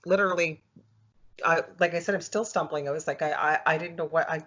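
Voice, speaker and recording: Low-voiced woman telling her story haltingly. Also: steady tone, fairly bright tone. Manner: halting, many fillers and restarts. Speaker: podcast guest. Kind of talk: casual storytelling interview. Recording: dull lo-fi audio.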